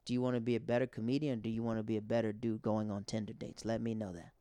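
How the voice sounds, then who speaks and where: A young stand-up comic who hosts a podcast delivers a loose, rambling, filler-heavy monologue, casual and conversational. His lowish, dark voice is flat and racing, recorded clean, dry, and close-miked.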